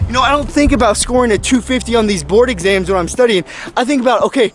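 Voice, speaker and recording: A man's voice: extremely high pitch, quick pace. A young man in his twenties, a medical student vlogger, talking earnestly and a little preachily about motivation while filming himself on a handheld camera. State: out of breath. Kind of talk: motivational vlog talk.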